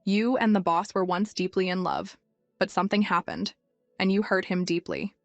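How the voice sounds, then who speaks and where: A woman's voice: medium pitch, fairly even intonation, moderate pace, vocal fry, no echo, lo-fi sound, natural voice. A woman voicing an earnest, shy young male henchman who talks plainly and a little flustered, over faint music. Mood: serious. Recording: dry, music faint behind.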